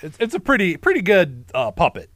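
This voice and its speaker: A man's voice: high-pitched, huge pitch swings, a little fast, a bit bright, no room sound, clean studio sound. A man co-hosting a podcast, recapping a horror film with wry, jokey asides. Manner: wry, jokey asides with lots of "you know". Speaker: podcast co-host. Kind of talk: casual film-recap chat.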